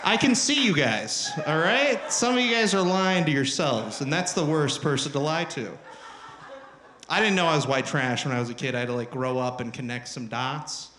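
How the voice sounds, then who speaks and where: A young man performing a crude, self-mocking stand-up comedy set on a club stage, shouting at the crowd and slipping into loud mocking voices, with the audience laughing in the background. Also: fairly high pitch, animated, moderate pace, a little hiss or hum. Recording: roomy live club sound.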